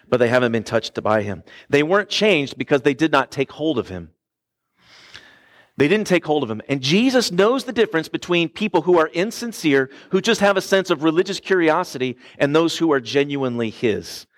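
A male pastor delivering a sermon, his voice sitting a touch higher than most men's. He preaches with earnest emphasis, lifting and dropping his delivery, and now and then asks the congregation to answer back.

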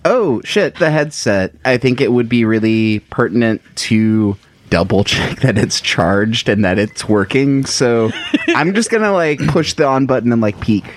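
A man chats as a player at a tabletop role-playing session. His pitch is very lively and moves up and down. He talks in a playful, loose way and often hesitates mid-thought. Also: a little slow. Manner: playful, hesitant with many likes. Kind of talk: tabletop role-play chat.

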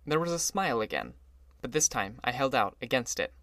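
A man narrating an audiobook in a measured storytelling voice. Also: medium pitch, very animated, a bit bright, no echo. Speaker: audiobook reader. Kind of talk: scripted narration.

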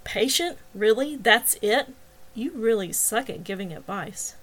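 A man's voice: sits high, expressive, a little slow, fairly bright tone, heavily acted. A woman voicing a lovesick, self-pitying deaf young man, a bit drunk, mumbling and putting himself down. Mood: teasing.

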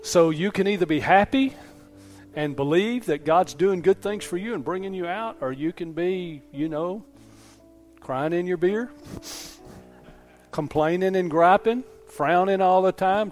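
A man's voice: sits high, a little slow, soft background music. A man preaching a sermon as pastor in a folksy storytelling way, often asking "Amen?" to the congregation. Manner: folksy preaching, repeats "Amen?", tells stories.

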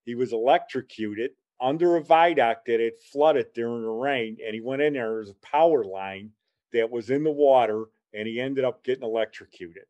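A man's voice: mid-range voice, moderate pace, darkish tone. A man, rambling through a casual spoken memory and repeating himself. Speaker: storyteller. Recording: dull lo-fi recording.

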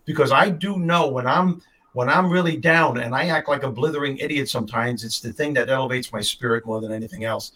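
A man's voice: mid-range voice, fairly quick, sharp tone, poor audio. An older man hosting a show, telling stories in an emphatic, heartfelt way. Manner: storytelling, emphatic. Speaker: host. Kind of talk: casual chat.

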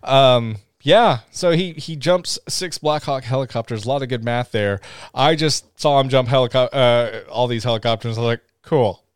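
A man's voice: mid-range voice, normal speed, clean tone, no room sound, clean studio sound. A man co-hosting a casual movie review podcast, joking and rambling through scene recaps. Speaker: podcast co-host.

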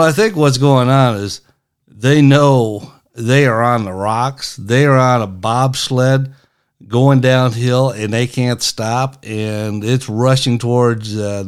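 A middle-aged man hosting a casual political commentary, talking in a sarcastic, mocking, folksy way. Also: mid-range voice.

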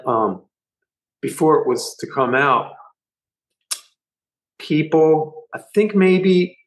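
A middle-aged man tells a long story as an interview guest, rambling and swearing freely. He gets animated as he retells conversations, and his voice sits at an ordinary middle pitch. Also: low-quality recording. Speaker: band musician guest.

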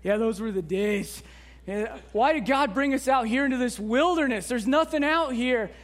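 A woman's voice: a little high, moderate pace, natural voice. A woman doing a whiny grumbling wanderer. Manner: whiny, casual complaining. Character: grumbling hungry adult Israelite men, complaining.

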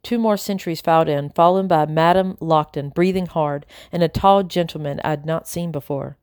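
A woman narrating a novel in the first person, measured and unhurried. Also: sits low, a little mellow, clean tone, no echo, clean studio sound. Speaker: audiobook narrator.

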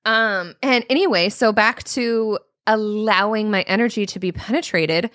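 A woman in her thirties runs a solo coaching podcast, speaking casually and with plenty of profanity, slipping into high-pitched mock voices when quoting others. She talks a bit slowly in a fairly bright tone, recorded cleanly in a studio with no room sound.

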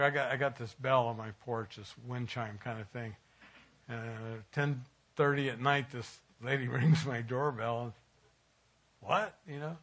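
A man's voice: medium pitch, fairly bright tone. A middle-aged man giving an informal, conversational sermon at a church, folksy and chuckling at times as he tells stories. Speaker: church speaker.

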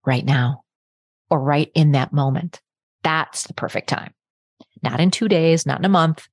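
Low-voiced woman coaching podcast host. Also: a little slow, no echo, studio quality. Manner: direct, encouraging, addresses listener. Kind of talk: self-help podcast talk.

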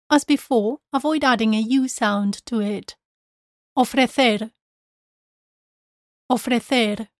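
A woman leads a pronunciation lesson at a very unhurried pace, saying each word slowly and then repeating it. Her voice sits fairly high, and the sound is dry and close to the mic, with no room around it. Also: no echo. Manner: clear, careful, repeats each word twice. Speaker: Spanish pronunciation teacher. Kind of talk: slow scripted pronunciation lesson.

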